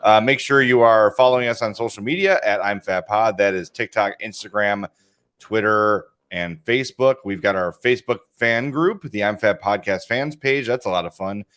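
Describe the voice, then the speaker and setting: A man's voice: on the low side, moderate pace, fairly bright tone, clear, resonant tone. A man co-hosting a podcast in casual chat, a rambling storyteller, recorded in a studio with video cameras. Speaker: podcast co-host.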